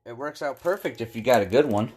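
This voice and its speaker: A man's voice: mid-range voice, expressive, quick pace, heavy background noise. A young adult man chatting casually on a live game stream, rambling and talking back to his cat.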